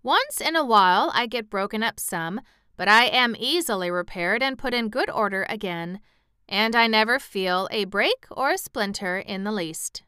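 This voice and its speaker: A woman's voice: mid-range voice, animated, normal speed, pushed and bright, smooth, no room sound, clean studio sound, pitched above the performer's own voice. A woman voicing an earnest, mildly proud male sawhorse made of wood.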